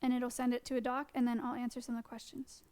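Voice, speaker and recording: A woman with a high, smooth, clear voice talks quickly through a casual live-stream lesson about animals. She keeps dropping fillers and rushes from point to point. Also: level tone, darkish tone. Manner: fast-talking with frequent fillers. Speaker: wildlife educator and streamer.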